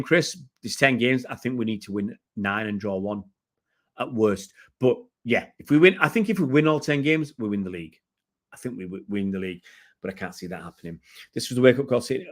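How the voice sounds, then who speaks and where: A middle-aged man hosting a fan channel's casual live-stream match review, chatting in a rambling way and answering viewer comments as he reads them out. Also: mid-range voice. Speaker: football fan channel host.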